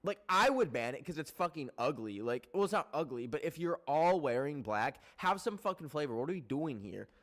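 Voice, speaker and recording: A young man from Canada, a streamer ranting casually to his live chat, animated and rambling, full of swearing and filler words. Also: fairly high pitch, a little fast, hardly any pauses.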